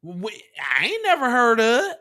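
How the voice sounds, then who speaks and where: A man hosting a podcast, reacting to clips in loud, mocking casual commentary full of swearing. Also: very high voice, big pitch swings, normal speed.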